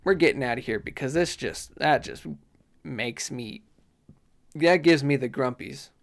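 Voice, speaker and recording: A man's voice: medium pitch, measured pace, vocal fry. A man giving casual gameplay commentary, rambling to himself with mock outrage.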